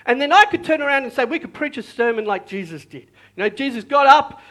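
A high-pitched man preaching a sermon with a bright, forceful tone. He talks in a lively, repetitive way and keeps calling out to his listeners. His pitch swings up and down a lot. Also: fast talker. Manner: lively, repetitive, calls out to the congregation. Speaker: pastor.

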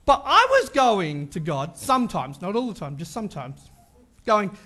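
A man's voice: high-pitched, huge pitch swings, a little slow, pushed and bright. A male pastor gives a conversational sermon and keeps checking in with his listeners.

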